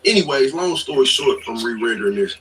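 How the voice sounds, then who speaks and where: A man's voice: mid-range voice, animated, a little fast, fairly bright tone. A man in his thirties telling a rambling, profane story in casual livestream chat. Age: 30s. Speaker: livestreamer and truck driver. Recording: distant mic with clear background noise.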